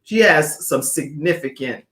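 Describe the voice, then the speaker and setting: A woman's voice: sits low, lively intonation, a little slow, fairly bright tone. A middle-aged woman hosting a talk show, effusive and praising, reading viewer comments aloud. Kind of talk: casual chat. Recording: echoey room.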